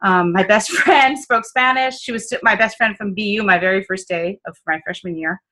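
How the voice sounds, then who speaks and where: A woman's voice: medium pitch, normal speed, bright, forceful tone, rough recording. A woman from the Midwest with a Midwestern accent, telling candid, self-mocking stories in an interview. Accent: Midwestern American. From American Midwest. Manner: chatty and self-mocking, full of fillers and quoted asides. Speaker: business consultant guest.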